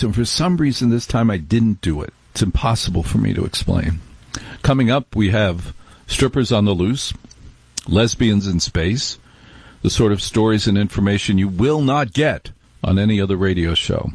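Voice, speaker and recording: A middle-aged man hosts a talk radio show in a low, husky voice. He rambles through his day in a chatty, wry way. The sound is dry and close. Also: a little mellow, no echo. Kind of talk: casual talk radio monologue.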